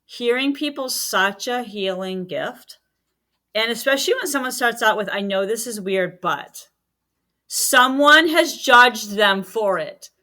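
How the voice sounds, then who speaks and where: A woman's voice: fairly high pitch, expressive, unhurried, bright, forceful tone. A middle-aged woman talking as a podcast guest, a medium and healer who chats casually and acts out quoted dialogue as she tells stories.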